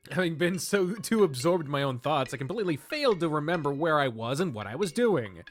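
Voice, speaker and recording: A man reading a visual novel aloud as narrator, with a wry tone and the odd self-mocking aside. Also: fairly high pitch. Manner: wry, swears and laughs at his own slips. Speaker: let's-play host.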